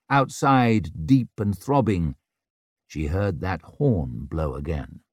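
Expressive low-voiced male narrator. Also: takes it slowly, no echo, studio quality. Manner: expressive, dramatic storytelling. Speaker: audiobook narrator. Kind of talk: scripted narration of a fantasy novel.

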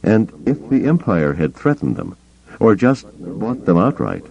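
A man narrating a story in an expressive storytelling manner. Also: lowish voice, measured pace, vocal fry, breathy edge, dry recording, muffled recording. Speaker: audiobook narrator. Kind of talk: scripted narration.

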